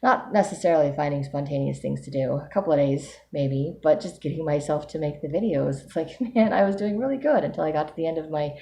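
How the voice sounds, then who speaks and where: A woman with a low, mellow voice records a casual video diary. She speaks candidly and reflectively, thinking aloud. A faint hiss sits under her voice. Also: fast, few pauses. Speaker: vlogger giving a weekly update.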